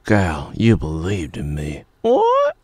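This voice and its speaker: A man doing a falsetto voice of a giddy, flustered young woman in a mocking comedic voice-over. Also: huge pitch swings, takes it slowly, a little mellow, no echo, heavily acted. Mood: swooning.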